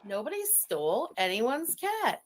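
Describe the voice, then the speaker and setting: A woman's voice: fairly high pitch, huge pitch swings, measured pace. A woman rambling casually in a played stream clip, emotional and swearing freely.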